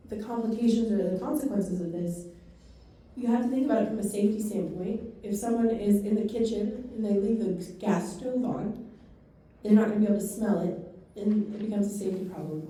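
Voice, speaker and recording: A woman giving a dementia care training talk to a live audience, telling stories and quick asides in a fast, animated way. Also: mid-range voice. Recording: echoey room from far off.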